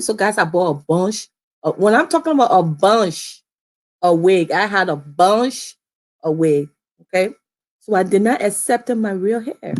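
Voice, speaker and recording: Woman from Liberia, young adult, casual storytelling, chatty, repeats herself. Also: mid-range voice. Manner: chatty, repeats phrases, often addresses viewers as guys. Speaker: vlogger.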